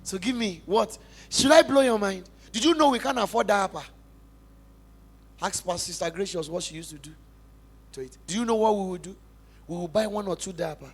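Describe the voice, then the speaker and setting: High-voiced Nigerian man preaching passionately. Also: moderate pace, long pauses, husky. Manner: emphatic, passionate preaching with big swings in loudness. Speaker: pastor. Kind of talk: sermon testimony. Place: church.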